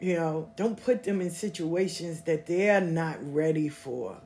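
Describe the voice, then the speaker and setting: A woman's voice: deep voice, unhurried. Blunt woman telling stories on a podcast. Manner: blunt, animated, swears freely. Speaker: podcast host. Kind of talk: casual storytelling monologue.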